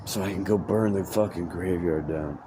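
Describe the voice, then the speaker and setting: A man's voice: low voice, moderate pace. A man telling a rambling, profane story in casual chat, often breaking off and restarting mid-sentence. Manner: profane, meandering, self-interrupting. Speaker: podcast host. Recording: noisy background.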